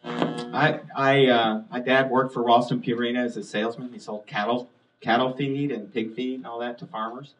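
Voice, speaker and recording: A middle-aged man from the US South and Midwest tells anecdotes in a chatty, easy way, often breaking into laughter. His voice sits at an ordinary pitch. It is picked up by a distant mic at a live library talk. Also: steady tone, normal speed, fairly bright tone, faint music behind. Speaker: author on a panel. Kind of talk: storytelling conversation. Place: public library event room.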